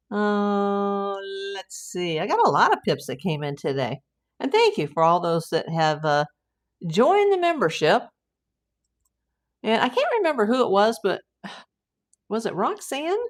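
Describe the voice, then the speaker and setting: A middle-aged American woman hosting a casual livestream, rambling through viewer comments with lots of fillers and restarts. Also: fairly low pitch. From United States. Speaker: private investigator livestream host.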